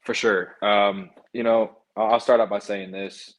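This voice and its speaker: A college football player guesting on a podcast over a remote call, answering in a measured way with many pauses. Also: male voice, on the low side, little pitch movement. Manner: measured, many ums and restarts. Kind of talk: interview answers.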